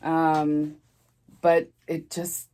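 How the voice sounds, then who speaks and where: A middle-aged woman with a low voice tells her story casually to camera. She rambles and restarts, sounding close to tears. It is a plain storytime vlog delivery. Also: completely flat delivery, darkish tone. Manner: rambling, halting, emotional, restarts often. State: tearful, near crying. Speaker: vlogger.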